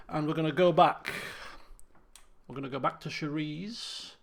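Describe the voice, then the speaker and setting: A man's voice: on the high side, fairly even intonation, moderate pace, gravelly. A man commentating a game he plays, chatty and rambling with self-mocking jokes. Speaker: gaming video host. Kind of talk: let's play commentary.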